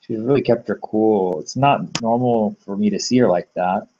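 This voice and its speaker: A man's voice: fairly low pitch, normal speed, dark tone, a little hiss or hum. Rambling, blunt man on a dull lo-fi recording. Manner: rambling, filler-heavy, blunt with casual swearing. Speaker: MMA betting tipster. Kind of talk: casual solo commentary.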